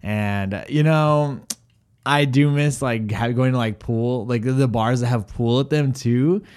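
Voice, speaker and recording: A woman co-hosting a live radio talk show, telling stories in a playful, animated way. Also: rumbling low, a little slow. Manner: playful, animated storyteller who acts out quotes. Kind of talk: casual chat.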